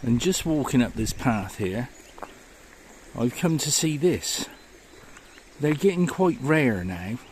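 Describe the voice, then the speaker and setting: Walking along a river and a woodland path, this male vlogger narrates a history vlog with an enthusiastic, marvelling air. His mid-range voice is animated and slow, with a darkish tone and a faint hiss or hum behind it.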